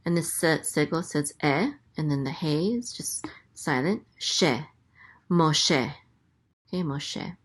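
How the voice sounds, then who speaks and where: A woman with a low voice teaches at a slow, unhurried pace. She spells out sounds one at a time and repeats each syllable patiently. The delivery is careful and methodical. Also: slightly rough. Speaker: Hebrew teacher. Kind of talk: slow, careful letter-by-letter lesson.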